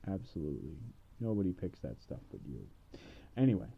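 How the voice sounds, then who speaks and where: A man casually retelling a fairy tale in playful slang, punctuating it with shouts of bam. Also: low-pitched, very animated, brisk, gravelly, lo-fi sound, a little hiss or hum.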